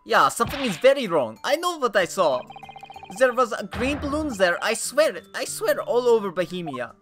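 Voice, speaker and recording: A man voicing an excitable, petulant young Bohemian man in a high, whiny voice, over game music. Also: moderate pace. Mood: insistent. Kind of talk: game playthrough voice acting.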